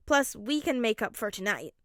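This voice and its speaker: A woman's voice: a little high, sing-song, normal speed, a bit bright, no room sound, clean studio sound. A woman doing an eager cheerful dad. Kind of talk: fanfic audiobook reading.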